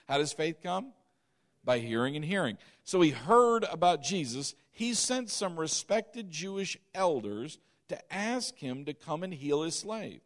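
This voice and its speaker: Higher-voiced man preaching a sermon. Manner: reads scripture aloud and repeats key phrases for emphasis; asks the congregation to repeat words with him. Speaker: pastor.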